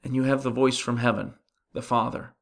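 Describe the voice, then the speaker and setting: A man's voice: mid-range voice, level tone, fairly quick, vocal fry. A pastor delivering a conversational sermon on a Bible passage, asking the listeners questions and often restarting his sentences. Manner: earnest, asks the listeners rhetorical questions; frequent restarts while thinking aloud.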